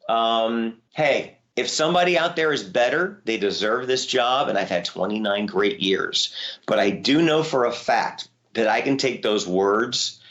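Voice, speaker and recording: A man, a voice actor, telling stories in a casual interview with a lively manner. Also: dull audio. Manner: lively, jumps up in pitch when excited. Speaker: voice actor guest.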